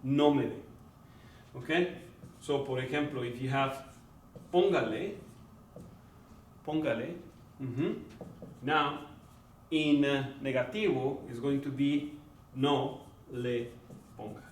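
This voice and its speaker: In an echoey room, with a faint background noise and his voice distant, a man with a mid-range voice teaches Spanish grammar. His classroom lecture moves slowly and deliberately. He repeats words and checks in with "right?" and "okay?".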